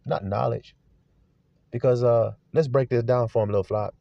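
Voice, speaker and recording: A man's voice: mid-range voice, a little slow, vocal fry, pauses often, mellow, no echo. A man preaching a sermon to his flock, asking pointed rhetorical questions in an earnest manner. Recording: dull lo-fi recording.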